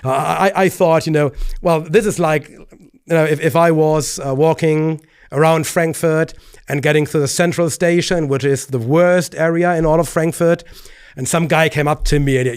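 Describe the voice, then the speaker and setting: A man's voice: fairly high pitch, steady tone, normal speed, clean tone, no echo. A man speaks as a pastor hosting his own commentary video. He talks earnestly, often stammering and restarting, and his voice climbs when he grows indignant. The recording is dry and close, with no room sound. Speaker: pastor and host. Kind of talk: video commentary responding to clips.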